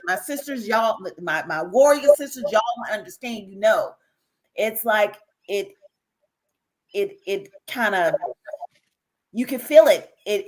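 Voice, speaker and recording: A woman speaks as a podcast guest, her voice sitting on the higher side. She tells her story in an animated, conversational way, circling back over her words and turning to address listeners directly. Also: low-quality recording. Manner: animated, repeats herself, talks straight to listeners. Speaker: guest, author. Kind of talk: casual interview storytelling.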